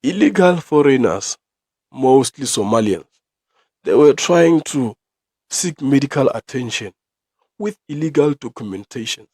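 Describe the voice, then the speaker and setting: A young South African man holds forth on his own podcast, ranting and swearing through his opinions and breaking into loud outbursts. His voice sits mid-range for a man, and the recording is close and dry, with no room sound. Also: mid-range voice, lively intonation, measured pace, husky, dry recording. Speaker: podcast host.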